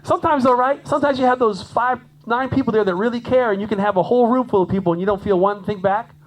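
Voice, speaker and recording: A man giving a lively, chatty clinic talk to a conference audience as a jazz drummer, laughing often and acting out quoted voices. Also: very high-pitched, fast talker, low-quality recording.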